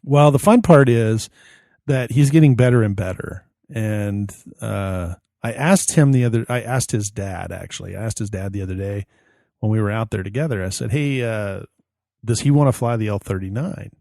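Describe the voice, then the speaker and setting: Podcast co-host, male, gravelly low-toned voice, loose anecdotal delivery. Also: normal speed, warm tone, no echo, clean studio sound. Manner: rambling storyteller, acts out quoted dialogue. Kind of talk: casual chat.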